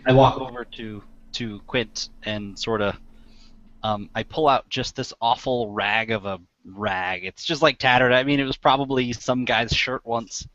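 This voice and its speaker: A man's voice: mid-range voice, measured pace, fairly bright tone. A man playing a tabletop game, describing his character in a rambling, hesitant way. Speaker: player. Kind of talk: casual game talk. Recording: dry, dull lo-fi.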